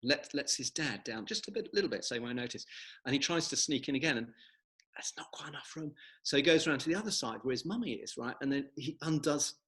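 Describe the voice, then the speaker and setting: A man speaks over a video call with a bright, forceful tone. His talk is casual and rambling, full of restarts, as he tells jokes at his own book launch. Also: medium pitch, animated, fast, rough recording. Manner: chatty, rambling joke-teller. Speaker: author.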